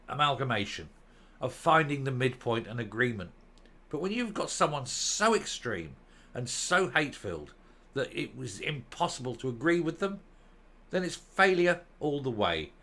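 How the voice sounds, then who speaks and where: A man's voice: medium pitch, fairly bright tone. A man giving sarcastic, scornful political commentary to camera, reading out news quotes and mocking them. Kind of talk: opinionated video commentary.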